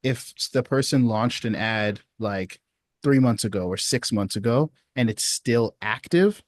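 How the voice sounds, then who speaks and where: A man's voice: mid-range voice, unhurried, no echo, clean studio sound. Casual man coaching on a call. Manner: relaxed, uses many fillers like "you know what I mean". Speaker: sales coach. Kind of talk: casual advice on a support call. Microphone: video call.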